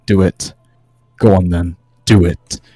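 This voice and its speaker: A man voicing a cruel, domineering vampire lord in a tabletop game, speaking slowly and threateningly. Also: low-pitched, steady tone, warm tone, no echo. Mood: commanding. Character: cold commanding vampire lord, cruel and menacing.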